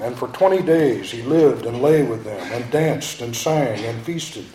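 A man reading poetry aloud in a slow, incantatory, dramatic way. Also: medium pitch, dark tone, slight background noise. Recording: roomy echo.

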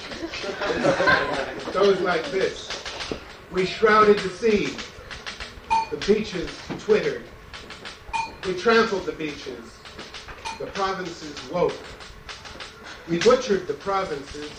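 A man's voice: sits high, lively intonation, very slow, pauses often, over music. A man giving a live poetry reading, chanting his lines rhythmically with wry asides between poems. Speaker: poet. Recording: echoey room, distant mic, background noise.

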